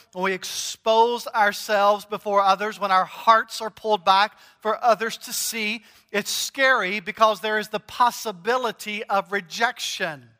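High, bright-voiced male preacher. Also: in a large hall. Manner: earnest, emphatic preaching with repetition. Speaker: pastor. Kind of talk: sermon.

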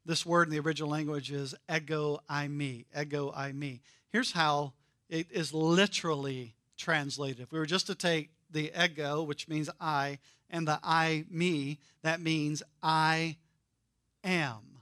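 A man preaching a sermon, emphatic and repeating key phrases, sometimes dropping very soft for emphasis. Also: on the high side, fairly even intonation, a little slow, no echo, clean studio sound. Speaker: pastor.

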